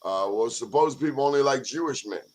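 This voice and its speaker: A man's voice: medium pitch, lively intonation, a little fast. A man co-hosting a talk show in casual chat, joking and teasing his guest.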